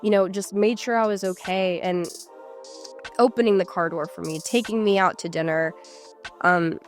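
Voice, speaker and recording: A woman's voice: medium pitch, fairly even intonation, moderate pace, soft background music. A young woman, an interview guest, recounting events casually with a hesitant manner, full of likes and restarts.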